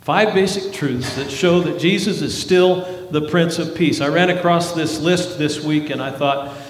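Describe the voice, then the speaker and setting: In a church sanctuary, a pastor preaches a sermon in a fairly high, unhurried voice. He is earnest, building to rising emphasis and then dropping his voice dramatically, all with echoey hall reverb.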